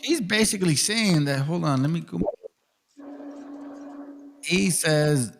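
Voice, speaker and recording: A man's voice: fairly high pitch, expressive, unhurried, pauses often, slight background noise. A man hosting a casual reaction commentary, ranting heatedly and swearing constantly. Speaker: stream host.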